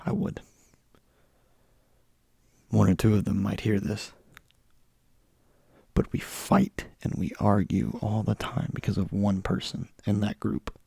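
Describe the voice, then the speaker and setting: A young man with a hoarse voice from a cold, ranting bluntly in a solo podcast monologue. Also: lowish voice, level tone, measured pace, mellow, dry recording, clean studio sound. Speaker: podcast host.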